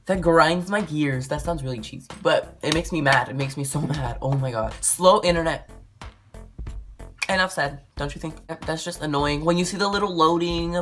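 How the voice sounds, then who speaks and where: Low-voiced woman ranting casually. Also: normal speed, music in the background. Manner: exasperated, rambling, says "like" a lot; swings between loud and muttered. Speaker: vlogger.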